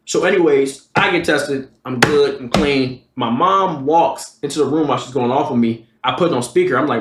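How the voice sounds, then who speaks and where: Animated young man telling a crude story. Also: mid-range voice, a little fast. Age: 20s. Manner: animated, profane, acts out voices of others. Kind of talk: casual storytime. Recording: roomy echo.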